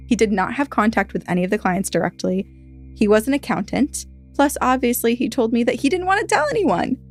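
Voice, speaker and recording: Woman reading posts over faint music. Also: medium pitch. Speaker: podcast co-host reading a story aloud. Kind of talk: casual reading of online posts.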